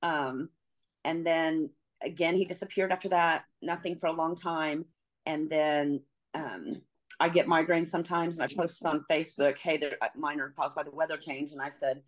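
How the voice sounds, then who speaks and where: A middle-aged woman telling a personal story as an interview guest, halting and pausing, often restarting her sentences. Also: low voice, steady tone. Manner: halting, with many pauses and restarts. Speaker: podcast guest. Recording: slightly dull lo-fi audio.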